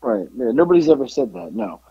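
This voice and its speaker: Man, slightly raspy, lively storyteller, dry close sound. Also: medium pitch, fast, no echo, lo-fi sound. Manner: animated storytelling, yelling out quotes. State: slightly hoarse. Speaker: podcast co-host. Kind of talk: casual chat.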